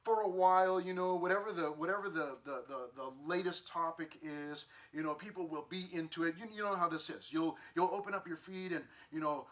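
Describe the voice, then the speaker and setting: Guy teaching the bible to youth, kinda high bright voice, talks loose with lots of um and uh. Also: fairly quick, few pauses. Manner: conversational, many fillers and restarts, acts out social media voices.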